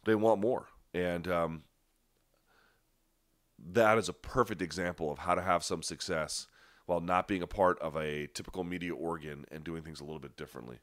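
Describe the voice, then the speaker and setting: A man's voice: low voice, fairly even intonation, moderate pace, no echo, clean studio sound. A man hosting a live chat, answering viewer questions in a conversational, emphatic way with restarts and a stuffy nose. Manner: conversational, frequent restarts and fillers, emphatic asides. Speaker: livestream host.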